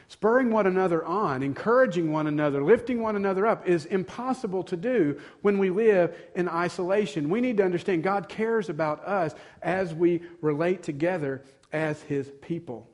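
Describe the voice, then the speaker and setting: A man's voice: high voice, moderate pace, few pauses. A male pastor, preaching an earnest sermon that builds to emphatic passages.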